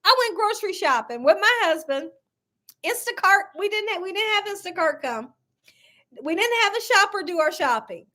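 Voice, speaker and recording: A high, bright-voiced woman chats on a cooking livestream. Her pitch swings widely, and she laughs often, speaking to viewers as y'all. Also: sing-song, moderate pace. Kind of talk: casual live chat reading viewer comments.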